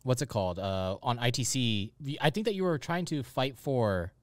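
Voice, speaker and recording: Male podcast host, upbeat and bantering, lively swooping delivery. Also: medium pitch, normal speed, no room sound. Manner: upbeat, hype-style introductions with teasing banter. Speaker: show host. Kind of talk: casual podcast chat.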